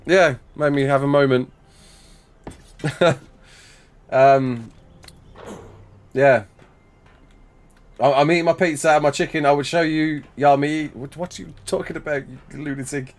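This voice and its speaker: A man's voice: on the high side, fairly even intonation, unhurried, pauses often. A man in his thirties chatting casually with his livestream chat while building in a game, reacting with laughs and sudden outbursts.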